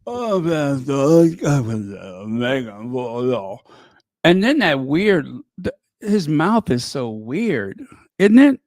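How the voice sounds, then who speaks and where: A man's voice: medium pitch, sing-song, slow pace, a little mellow, no echo. A man hosting a commentary channel, talking casually in a sarcastic, mocking way and rambling with many fillers and restarts.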